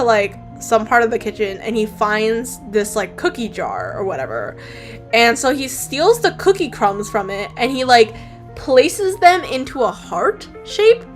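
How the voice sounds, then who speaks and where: Woman comic artist, casual story recap while drawing, somewhat high voice, rambling, faint music under her. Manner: rambling, full of fillers and casual swearing.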